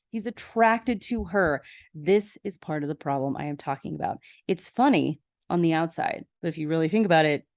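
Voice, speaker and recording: A woman's voice: mid-range voice, darkish tone, dry recording, studio quality. A woman hosting a podcast, casually recapping a TV episode with chatty asides and frequent laughter. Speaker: podcast host.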